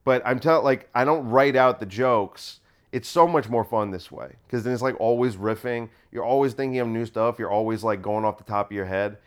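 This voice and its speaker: A male comedian riffing loosely off the top of his head, rambling and chuckling at his own jokes. His voice sits at an ordinary mid pitch, and his talk is casual and meandering. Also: moderate pace, clear, resonant tone. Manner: rambling, self-amused, laughs at own jokes. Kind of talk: solo comedy riff.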